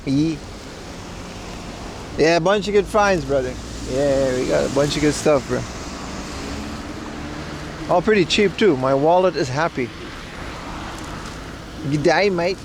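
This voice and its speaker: A man's voice: on the high side, lively intonation, normal speed, vocal fry, pauses often. A young man hosting a casual live stream outdoors, chatting bluntly with profane, bro-ish banter. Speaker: livestream host. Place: outdoors on a city street. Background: faint street and traffic noise.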